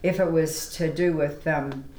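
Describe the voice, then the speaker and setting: A woman guest telling lively anecdotes in an animated, laughing way. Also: sits low, a little slow, reverberant, slight background noise. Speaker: guest, songwriter.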